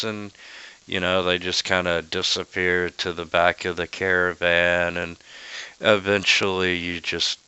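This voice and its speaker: A man's voice: fairly low pitch, bright, forceful tone, clean tone, no echo, poor audio. A man narrating a tabletop game as game master, rambling with lots of fillers and restarts.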